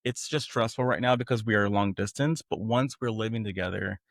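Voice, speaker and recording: A man with a lowish voice tells a personal story candidly. He recounts events with animated emphasis, often laughing at how strange they seem. The sound is close and dry, with no room around it. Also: fairly quick, creaky, no room sound. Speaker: guest.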